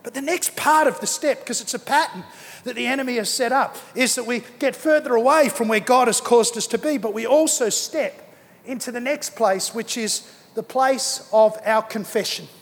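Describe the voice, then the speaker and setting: A pastor with a very high voice preaches a sermon in a church auditorium at a moderate pace. He is emphatic, repeats key phrases, and acts out the people he quotes. The large hall gives the recording a long reverb.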